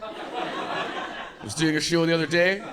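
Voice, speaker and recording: A Scottish man performing brash stand-up comedy, swearing freely and quickly acting out the people in his stories. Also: a little high, steady tone. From Scotland. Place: comedy club stage before a live audience. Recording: live club audio with crowd laughter.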